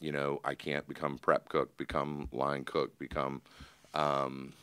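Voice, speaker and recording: A man's voice: very deep voice, monotone, bright, forceful tone, smooth, no echo. A man in casual interview conversation, talking openly and earnestly with frequent restarts. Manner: earnest, open, halting restarts. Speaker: restaurateur, podcast guest.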